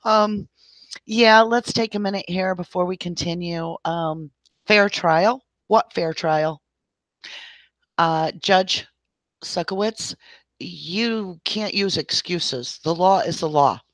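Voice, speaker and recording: A woman's voice: on the low side, takes it slowly, no room sound. A woman hosting a livestream, ranting at length in an exasperated voice and talking straight to her viewers. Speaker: livestream host.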